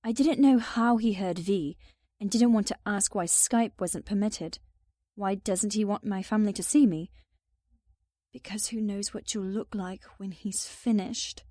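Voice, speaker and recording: A woman narrates a first-person audiobook in an even, subdued manner, her mid-range voice mellow and warm. She speaks a little slowly, recorded close and dry with no echo.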